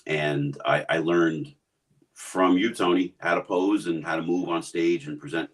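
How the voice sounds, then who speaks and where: A man co-hosting a casual chat, eager and excited like a fan. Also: deep voice, measured pace. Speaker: co-host.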